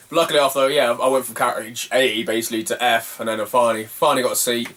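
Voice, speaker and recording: Man, casual self-mocking storyteller, mid pitch, voice slightly distant. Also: fast, fairly bright tone. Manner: rambling, self-mocking, laughs at his own stories. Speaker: retro game collector vlogger.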